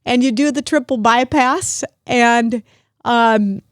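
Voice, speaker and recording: A middle-aged woman hosting a podcast, talking warmly and emotionally to her father, grateful and close to tears. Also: fairly high pitch, takes it slowly, no echo. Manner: emotional, grateful, at times tearful. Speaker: podcast host. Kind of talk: heartfelt family conversation.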